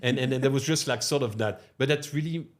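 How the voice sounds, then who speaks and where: Speaking fast in a mid-range voice, this middle-aged French-accented restaurateur is a guest in a storytelling interview. He's animated and keeps ending lines with "no?" and "huh?".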